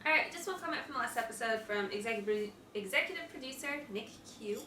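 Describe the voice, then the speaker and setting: A woman's voice: on the high side, lively intonation, fast, sharp tone, slight background noise. A woman co-hosting a reaction video, casually reading out a viewer's comment. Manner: reads viewer comment aloud, laughs easily. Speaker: reaction channel co-host. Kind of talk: casual chat. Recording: echoey room, mic at a distance.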